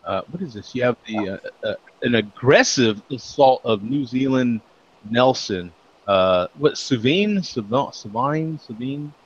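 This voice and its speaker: A man's voice: mid-range voice, expressive, measured pace, muffled recording, slight background noise. A man hosting a casual beer chat show, laughing often and joking as he reads out tasting notes. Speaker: podcast host.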